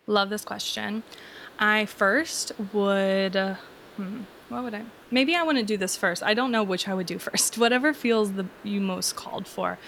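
A woman's voice: mid-range voice, unhurried, gravelly, fairly bright tone, a little hiss or hum. A woman talking casually as an interview guest, chatty and full of filler words, laughing often. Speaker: energy healer guest.

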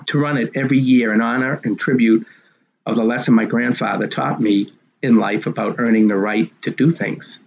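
A man in his sixties, a race director telling his story in an interview in an animated way and acting out the dialogue. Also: mid-range voice, creaky, a little hiss or hum, low-quality recording.

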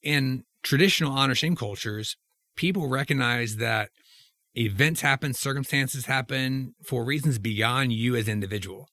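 A man with a middle-pitched voice steers a casual conversation, asking the others for their thoughts. The sound is dry and close. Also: moderate pace, pushed and bright, no echo. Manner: conversational, asks the group questions. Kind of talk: casual discussion.

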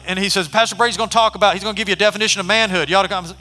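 Man, pastor type, bright forceful voice, long hall reverb, storytelling sermon. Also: sits high, racing. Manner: animated, shifts from conversational to shouting.

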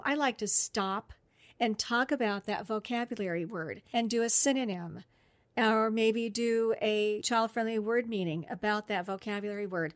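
A woman's voice: mid-range voice, dry recording. Upbeat woman explaining teaching steps. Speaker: speech-language therapist guest. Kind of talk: instructional podcast talk.

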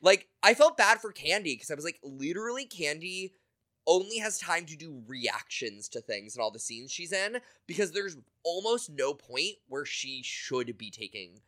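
A man co-hosting a casual podcast, talking animatedly and acting out quotes with quick asides. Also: on the high side, sing-song, pushed and bright. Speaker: podcast co-host. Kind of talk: casual chat.

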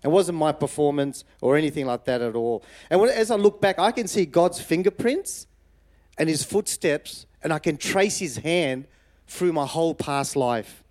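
A middle-aged man from Fiji with a slight Australian twang, telling a personal testimony in a sermon, lively and chatty, repeating phrases for emphasis. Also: on the high side, normal speed. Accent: Fijian Indian with Australian twang. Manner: lively storytelling, frequent "you know" asides, repeats phrases for emphasis. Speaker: preacher.

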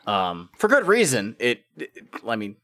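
A man co-hosting a casual album discussion podcast, talking in a halting way with many fillers. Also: mid-range voice, huge pitch swings, fairly bright tone, no room sound, studio quality. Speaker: podcast co-host.

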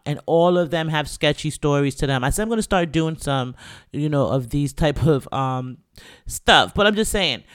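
A man from the Bronx, hosting a podcast and talking through his opinions in a rambling, animated way with lots of fillers. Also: on the high side. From the Bronx, New York. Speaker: podcast host and rapper. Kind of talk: casual opinion talk.

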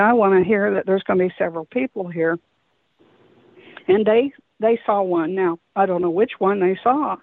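A woman's voice: medium pitch, vocal fry, dry recording. A woman calling in to tell a personal story, talking in an earnest, rambling way and often correcting herself. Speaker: caller sharing an encounter. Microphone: telephone. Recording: tinny phone line.

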